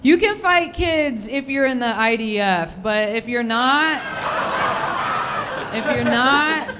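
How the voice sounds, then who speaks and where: A woman's voice: a little high, expressive, slow, very noisy. A woman in her thirties doing a rambling, crude, self-deprecating stand-up set on a comedy club stage.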